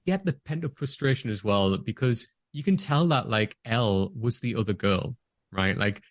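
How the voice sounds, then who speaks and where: Here the co-host has a medium-pitched voice and moderate pace, captured in a dry recording. He gushes about a favorite film in a relaxed, enthusiastic review chat, performing the quotes as he goes.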